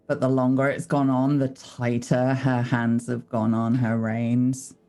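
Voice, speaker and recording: Dark, gravelly man narrating a tabletop game. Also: mid-range voice, flat delivery, faint music behind. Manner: deliberate, descriptive narration. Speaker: player.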